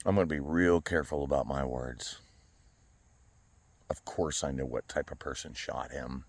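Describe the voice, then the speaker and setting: A man speaking in a personal vlog outdoors, talking earnestly and haltingly, often repeating words as he restarts. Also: rumbling low, steady tone, no room sound. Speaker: vlogger. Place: outdoors by a flagpole.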